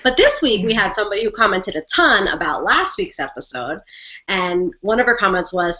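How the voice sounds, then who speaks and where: A woman's voice: mid-range voice, very animated, brisk, pushed and bright. A woman hosting a casual video-call chat, playful and giggly with a sarcastic streak. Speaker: host. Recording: muffled lo-fi call audio.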